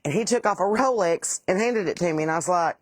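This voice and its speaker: A woman's voice: on the low side, quick pace, no room sound. A woman, chatting casually with livestream viewers, rambling and salty as she tells stories. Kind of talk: casual livestream chat reading comments.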